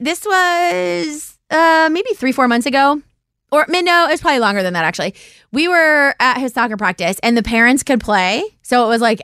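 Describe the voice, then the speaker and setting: A woman in her thirties hosting a podcast, chatting casually through live questions and telling stories, acting out quotes with sudden leaps in pitch. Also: a bit bright, clear, resonant tone, no room sound, studio quality. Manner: chatty storyteller, acts out quotes with big pitch jumps. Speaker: podcast host.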